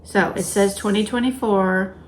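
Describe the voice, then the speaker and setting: A woman co-hosting a casual stitching chat, expressive and quick to laugh and exclaim. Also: mid-range voice, slight background noise. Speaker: co-host.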